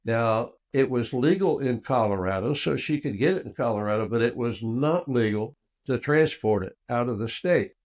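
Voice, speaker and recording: An older man, a guest on an interview show, telling a personal story and acting out the dialogue with big swings in voice. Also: normal speed. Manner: animated storyteller who acts out dialogue with big swings in pitch and loudness.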